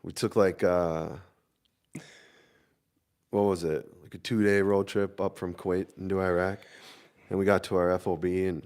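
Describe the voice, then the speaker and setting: A man in his thirties with a fairly low voice, swapping old army stories in relaxed, casual chat. He tells them in a laid-back way and breaks into laughter often. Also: normal speed, pauses often, clean tone. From Minnesota. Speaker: army veteran podcast co-host.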